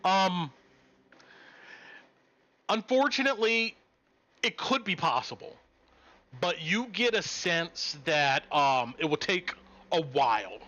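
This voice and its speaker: A man running a tabletop game, his bright, forceful voice sitting a little high. He lays out scenes in a measured way, pausing on fillers. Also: lively intonation, dull audio. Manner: measured descriptive narration with fillers. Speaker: game master.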